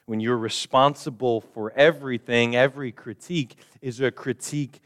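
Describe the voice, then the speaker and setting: A male pastor preaching a sermon, swinging from quiet, slow passages to loud, high emphasis and acting out quoted voices. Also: steady tone. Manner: acts out quoted voices of the congregation. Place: church.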